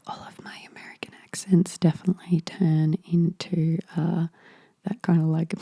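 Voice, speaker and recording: Woman, story reader, self-mocking asides, slow pace, dry close sound. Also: deep voice, flat delivery, mellow, breathy edge, no room sound. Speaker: reader and host. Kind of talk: horror story reading with asides.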